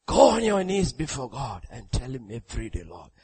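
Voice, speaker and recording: An older man preaching a sermon as a grandfather and pastor, repeating short questions and commands, dropping to near-whispers and then rising to loud exhortation. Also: medium pitch, big pitch swings, a little fast, slightly rough, low-quality recording.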